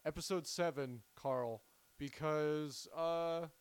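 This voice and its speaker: A young man with a smooth, resonant voice and a slightly raised pitch, co-hosting a podcast. He talks casually and rambles, with lots of fillers and sentences that trail off. The recording is dry and close. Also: slow, no echo. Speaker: podcast co-host. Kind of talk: casual chat.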